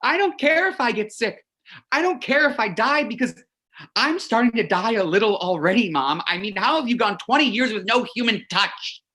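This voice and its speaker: A man's voice: sits high, expressive, sharp tone. An actor playing a lonely, lovesick man who rambles and confesses in a video message to his mother, in a theatrical monologue. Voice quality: gushing, rambling, quick to confess. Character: lovesick, lonely, chatty young man in lockdown.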